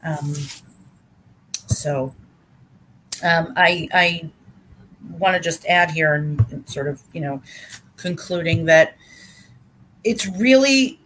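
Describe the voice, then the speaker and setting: A middle-aged woman speaking earnestly and warmly about caregiving, restarting her sentences often, over a video call. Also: deep voice, slow pace, long pauses, a little hiss or hum. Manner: earnest, heartfelt, with frequent restarts. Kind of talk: conversational advice talk.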